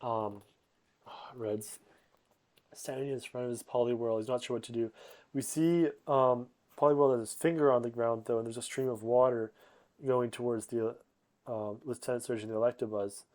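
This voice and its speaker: A man's voice: medium pitch, fairly even intonation, normal speed, a little mellow. A young man giving a rambling, sleep-aid summary full of fillers and self-corrections. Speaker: host.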